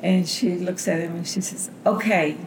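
A woman's voice: lowish voice, monotone, normal speed, darkish tone, a little hiss or hum. An older woman from Bulgaria telling her family's story in an interview, rambling with many fillers and restarts. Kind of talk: personal storytelling. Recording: roomy interview recording.

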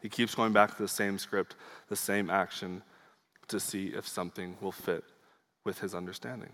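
A man's voice: sits low, fairly even intonation, moderate pace, a bit bright. Earnest man preaching in a reverberant hall. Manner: earnest, conversational with fillers and asides. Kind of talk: sermon.

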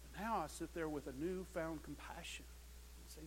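High-voiced impassioned male pastor. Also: moderate pace, slight background noise, low-quality recording. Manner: impassioned, swinging from loud preaching to hushed tones; repeats words when starting a phrase. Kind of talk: sermon.

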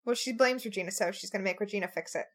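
A woman's voice: medium pitch, racing. A woman co-hosting a casual podcast chat, sarcastic and given to mock outrage. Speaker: podcast co-host.

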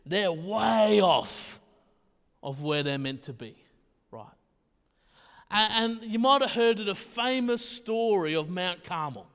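Male pastor, high voice, chatty laid-back preaching, long hall echo. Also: animated, slow pace, fairly bright tone. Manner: casual, conversational, often checks in with "right?". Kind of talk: sermon.

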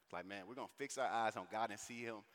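A man's voice: on the low side, quick pace. A man from St. Louis with a St. Louis accent, speaking animatedly to a conference audience and calling them y'all. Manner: animated, drawls and stretches sounds, addresses the crowd as y'all. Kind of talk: lively talk to a large audience. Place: large conference hall. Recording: long hall reverb, faint noise.

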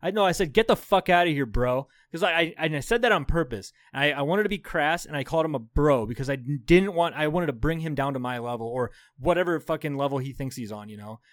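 A man's voice: on the high side, fast talker, hardly any pauses, dry recording, studio quality. A man around thirty, co-hosting a podcast, telling profane stories in casual chat with frequent laughs. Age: 30s. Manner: profane, animated storytelling with laughs. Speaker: podcast co-host.

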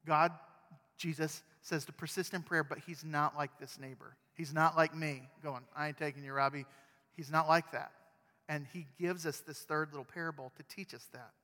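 A male pastor preaching a sermon in a conversational, animated storytelling manner. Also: fairly high pitch, normal speed, long reverb tail.

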